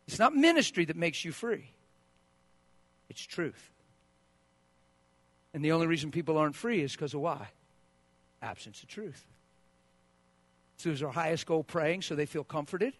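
A man preaching a sermon as a pastor, swinging from quiet asides to loud, driving peaks. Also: animated, quick pace, few pauses, no echo. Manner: mocks sentimental sympathy with a high, wailing put-on voice.

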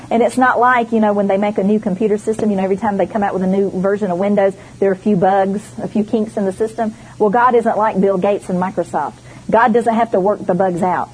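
A woman's voice: mid-range voice, darkish tone, husky, poor audio. A woman preaching a sermon, emphatic and storytelling, voicing the people she quotes. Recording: faint background noise.

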